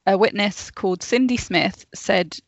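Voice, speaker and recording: A woman's voice: mid-range voice, unhurried, creaky, dry recording, dull audio. A woman co-hosting a casual podcast, telling a story from her notes with chatty asides and frequent laughs. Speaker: podcast co-host.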